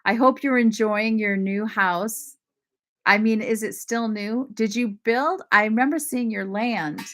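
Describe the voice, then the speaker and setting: A woman from Maine hosting a casual livestream, chatting warmly with viewers, often apologizing and laughing as she reads their comments. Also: on the high side, a little slow. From Maine, USA. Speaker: lifestyle channel host.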